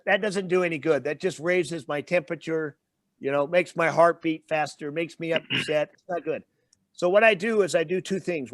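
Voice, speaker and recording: A man's voice: fairly high pitch, no room sound. A man as the guest speaker and trainer in an interview, explaining with everyday examples and stopping to check in with the listener.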